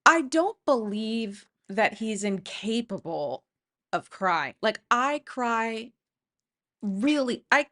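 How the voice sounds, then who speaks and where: A woman's voice: on the high side, slow. A woman guest in a casual podcast chat who talks animatedly, laughs often and acts out the people she describes. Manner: animated, giggly, acts out quotes.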